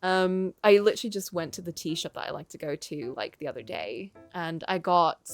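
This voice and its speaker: A young adult woman streaming a game, chatting casually and giggling, with the odd swear word. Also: mid-range voice. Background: faint game music.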